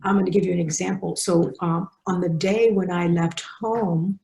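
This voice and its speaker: A woman leads a writing webinar, talking fast and animatedly and restarting her sentences often. Her voice carries a gravelly fry. The room is echoey and the sound rings around her. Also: fairly low pitch, steady tone, mellow. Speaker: faculty webinar speaker. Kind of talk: teaching a webinar.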